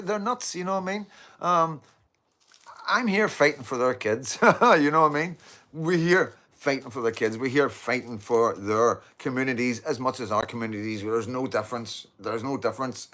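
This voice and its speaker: A man's voice: medium pitch, normal speed, bright, forceful tone. A man with a Northern Irish accent rambling to his viewers at home in a casual monologue, repeating "you know what I mean" and swearing. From Northern Ireland. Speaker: online show host. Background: dogs at home.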